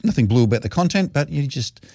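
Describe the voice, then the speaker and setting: A man's voice: medium pitch, lively intonation, fast, darkish tone, no room sound, studio quality. A man hosting a local radio show, introducing a clip in a chatty, hesitant way. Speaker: community radio host. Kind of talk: casual radio presenting.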